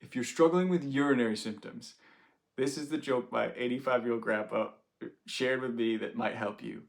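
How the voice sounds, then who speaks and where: A chatty man in his thirties with a gravelly, fry-edged voice at an ordinary pitch. He talks casually to camera as a doctor, laughing often and filling gaps with "like" and "you know.". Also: normal speed. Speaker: doctor sharing stories. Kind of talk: casual direct-to-camera talk.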